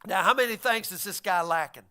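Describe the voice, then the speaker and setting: A man's voice: high-pitched, brisk, bright, forceful tone. A man preaching a sermon, retelling a story and acting out the voices of its figures. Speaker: pastor.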